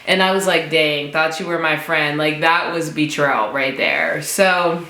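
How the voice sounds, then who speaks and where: Young woman, storytime vlogger, low bright voice, animated quoted dialogue, echoey room. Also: unhurried. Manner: animated, acts out quoted dialogue with jumps in pitch. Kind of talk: casual storytime.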